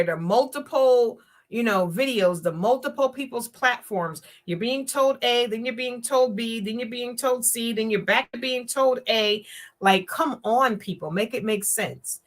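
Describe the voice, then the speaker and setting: A woman's voice: a little high, slow. A woman hosting a live-streamed talk show, speaking emphatically and preaching her point, often acting out the words of others. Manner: emphatic, preachy, acts out quotes in voices.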